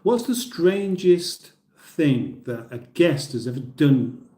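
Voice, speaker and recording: A man's voice: fairly high pitch, lively intonation, slow pace, mellow, roomy sound. A middle-aged British man hosting a casual livestream, reading out viewer comments in a chatty, rambling way and laughing at his own jokes. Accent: British English. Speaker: livestream host.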